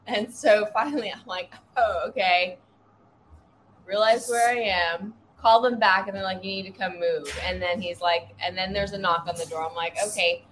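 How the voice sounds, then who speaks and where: A woman's voice: mid-range voice, fairly even intonation, normal speed, a bit bright. Brief: woman, dry podcast co-host adding her side, faint hiss behind. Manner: wry, chiming in with her side of the story. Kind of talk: casual storytelling chat.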